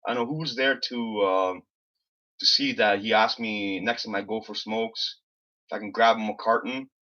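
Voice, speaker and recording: Man, live-stream host, rambling and fed up, bright voice, muffled lo-fi audio. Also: on the low side, fairly even intonation, normal speed. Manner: rambling, exasperated storytelling, swears freely. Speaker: livestream host. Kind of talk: casual live-stream chat. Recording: slightly dull lo-fi stream audio.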